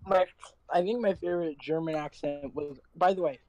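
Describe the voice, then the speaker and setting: A young man with an Australian accent chatting excitedly with friends while gaming, laughing at his own ideas and swearing casually. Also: on the high side, brisk, muffled recording.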